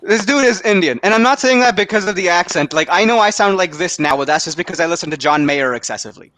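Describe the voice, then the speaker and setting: A man's voice: high-pitched, lively intonation, fast talker, fairly bright tone. A young man from Canada hosting a stand-up comedy show over a video call, rambling and self-deprecating, often laughing at his own jokes.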